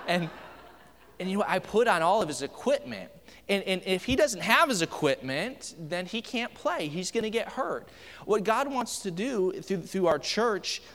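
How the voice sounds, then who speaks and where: Pastor, man in his 30s, fairly high voice, chatty preaching with stumbles and restarts, church hall reverb. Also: a bit bright. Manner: conversational preaching with anecdotes and frequent restarts. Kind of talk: sermon. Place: church sanctuary.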